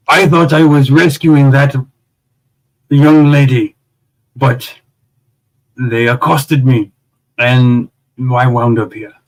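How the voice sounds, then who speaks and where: A man plays his character at a tabletop game, speaking hesitantly and filling gaps with ums and uhs. He talks slowly and takes his time. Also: medium pitch, rough recording. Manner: hesitant, halting, many fillers. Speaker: player. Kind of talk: in-character tabletop role-play.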